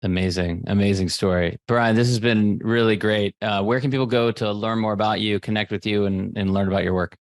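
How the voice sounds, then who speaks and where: An upbeat man hosts an interview podcast, affirming his guest and steering toward the wrap-up. His voice sits a little low. The sound is dry and close, with no reverb. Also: fairly even intonation, brisk, hardly any pauses. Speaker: podcast host. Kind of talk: interview hosting.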